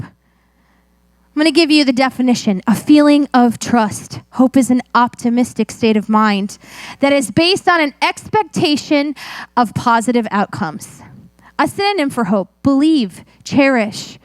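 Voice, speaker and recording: Chatty high-voiced woman preaching. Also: no room sound. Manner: chatty, self-mocking storytelling with laughs. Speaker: pastor. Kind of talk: sermon.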